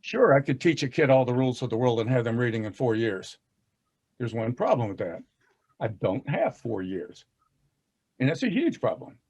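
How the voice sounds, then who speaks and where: A man's voice: medium pitch, sing-song, normal speed, darkish tone, husky, dull audio. A man with a Southern US accent who talks in a folksy, self-deprecating way, laughing often as he leads a casual discussion about teaching reading on a video call. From American South.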